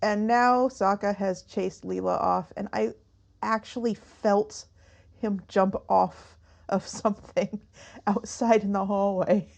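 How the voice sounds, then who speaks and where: A woman's voice: mid-range voice, steady tone, slow pace, gravelly, darkish tone. A woman co-hosting a podcast in casual chat, laughing often. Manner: giggly, laughs a lot. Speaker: podcast co-host.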